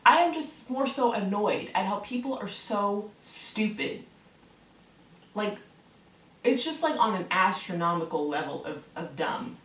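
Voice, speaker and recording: A woman's voice: mid-range voice, animated, unhurried, a bit bright. A woman ranting to camera in a vlog, heated and profane, hammering the same words again and again. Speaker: online video creator. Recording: roomy echo, voice from a distance from the mic.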